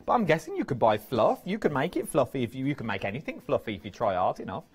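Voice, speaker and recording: Fast and mid-range with a breathy edge, this man's voice carries a live TV sales pitch for crafts from a shopping-channel studio. He's chatty and playful, keeping the banter lively.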